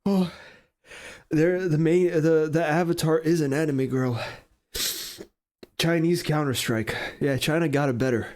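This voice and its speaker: Casting: breathless profane man streaming reactions, unhurried delivery between gasps. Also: fairly high pitch. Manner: excitable, profane, breaks into laughter. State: out of breath from laughing. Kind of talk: live stream reaction commentary.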